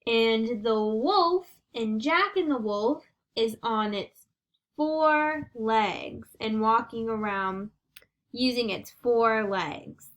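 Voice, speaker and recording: A woman teacher giving a reading lesson to young children, reading sentences aloud slowly and clearly for them to repeat. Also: fairly high pitch. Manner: slow, deliberate read-aloud with exaggerated sounds.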